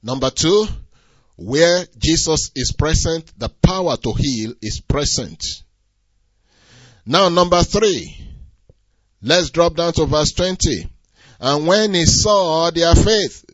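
A man's voice: a little high, no echo. A man preaching a sermon in an emphatic, repetitive cadence, often adding "you see". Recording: dull lo-fi recording.

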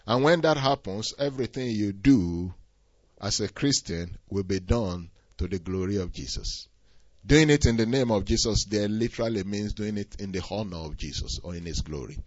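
A man preaching a sermon, swinging from quiet asides to loud, rising exhortation. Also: fairly low pitch, dry recording. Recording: dull, slightly lo-fi dry recording.

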